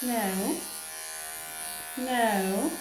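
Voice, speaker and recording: A woman cat groomer, soothing a kitten in baby talk and calmly explaining each step as she clips him. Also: a little high, very slow, noisy background. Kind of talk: narrated grooming demonstration. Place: indoor grooming room. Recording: roomy room with electric clipper buzz.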